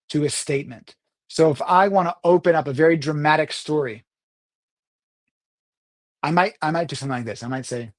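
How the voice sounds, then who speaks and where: Middle-aged male speaking coach, animated delivery. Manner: animated, swings pitch and loudness to demonstrate. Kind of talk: talk to camera on communication skills.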